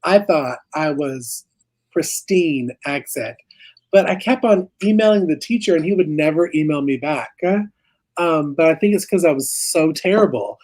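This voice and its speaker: A woman's voice: low-pitched, moderate pace, darkish tone, poor audio. A young woman co-hosting a casual live chat, a chatty and self-mocking storyteller. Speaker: co-host of a ranch livestream.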